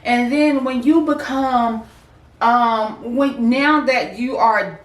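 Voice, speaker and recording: A woman's voice: a little high, slow pace, recorded from a distance, a little hiss or hum. A woman co-hosting a casual heartfelt chat, speaking earnestly and openly about her feelings. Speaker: co-host. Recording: roomy, off-mic sound.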